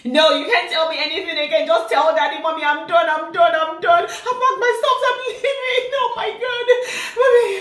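A woman's voice: very high-pitched, normal speed, hardly any pauses, fairly bright tone, recorded from a distance. Woman doing a whiny spoilt young wife. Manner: whiny, sing-song complaining. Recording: echoey room.

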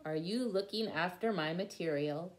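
A woman's voice: on the low side, normal speed, natural voice. A woman reading a storybook aloud, voicing a mother calling out questions to her young daughter.

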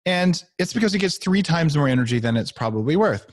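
A man's voice: on the high side, very animated, fairly quick, no room sound. A middle-aged man, a guest author, talking playfully on a podcast and acting out little voices as he explains. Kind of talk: animated podcast talk.

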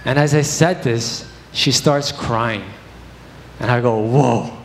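A man's voice: medium pitch, takes it slowly. Young male preacher in an echoey church. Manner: candid, conversational storytelling with fillers. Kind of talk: sermon. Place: church sanctuary. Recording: echoey church hall with faint noise.

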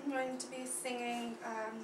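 A woman's voice: on the high side, flat delivery, normal speed, background noise. A young woman speaking as an auditioning actress in a hesitant, earnest and naive way. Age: young adult. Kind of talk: comedic character acting. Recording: roomy echo, far from the mic.

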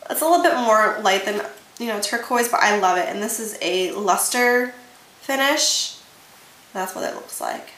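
A woman's voice: medium pitch, wildly swooping pitch, moderate pace, fairly bright tone. A young woman chatting casually about makeup she bought, gushing and enthusiastic, repeating words for emphasis. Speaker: beauty vlogger. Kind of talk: casual haul chat. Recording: echoey room with faint hiss.

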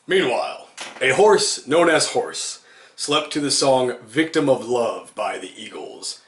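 A man's voice: medium pitch, animated, takes it slowly. A man reading an absurd comic story aloud, amused and giggling through it. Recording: roomy echo.

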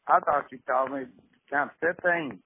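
A man's voice: on the high side, normal speed, husky. Man putting on a blustering Mississippi caller. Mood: indignant. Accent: Southern US, Mississippi. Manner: blustering, cussing, rambling. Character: irate middle-aged Mississippi man, stubborn and rambling. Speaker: prank caller. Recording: tinny phone line with faint hiss.

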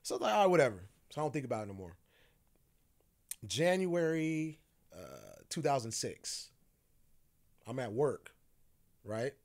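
A man with a voice of middling pitch, talking as a podcast guest. He tells his story casually, acts out each person's quoted lines and laughs often along the way. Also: very animated, moderate pace, long pauses, darkish tone.

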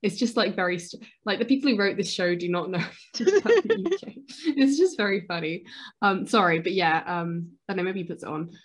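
Chatty woman podcast co-host, mid-pitched, rambling and excitable, full of fillers and self-corrections. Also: fairly quick. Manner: excitable, gasps and exclaims. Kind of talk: casual chat.

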